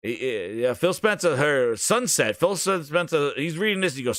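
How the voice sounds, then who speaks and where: An excitable man hosting a gaming livestream, ranting in a profane, laughing style. His voice sits high and swings widely in pitch. The sound is dry and close to the mic. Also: moderate pace, hardly any pauses, no echo. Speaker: gaming news streamer. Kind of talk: casual livestream rant.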